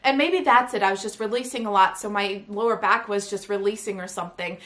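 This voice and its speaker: A woman hosting her own podcast, telling a personal story in a chatty, animated way, full of "like" and "right?". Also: mid-range voice, brisk. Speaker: podcast host and coach. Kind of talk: casual storytelling monologue.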